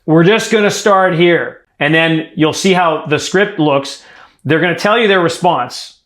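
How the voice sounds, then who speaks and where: A man's voice: a little high, unhurried, a bit bright, reverberant. A man coaching a sales team in a direct, emphatic way, acting out sample lines. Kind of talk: coaching workshop.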